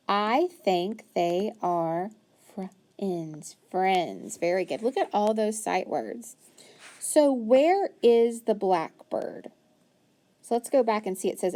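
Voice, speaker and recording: A woman teacher walks through a phonics worksheet at an unhurried pace. Her voice is mellow and soft, and she sounds each word out patiently, stopping often to praise. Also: medium pitch.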